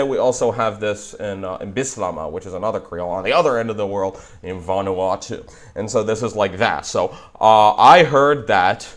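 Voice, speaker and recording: A young man with a New England accent, hosting a casual language video where he reads aloud and explains as he goes, thinking out loud with many fillers and restarts. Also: low voice. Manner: thinking aloud, frequent fillers and restarts, slow careful spelling.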